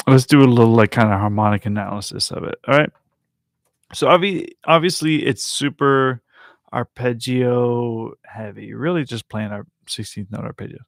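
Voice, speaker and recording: Male music teacher, mid-pitched voice, dry close recording, relaxed and chatty, jokes at himself and counts rhythms aloud. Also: moderate pace, vocal fry, dry recording. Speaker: music teacher transcribing a piano piece for bass. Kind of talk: casual live music lesson.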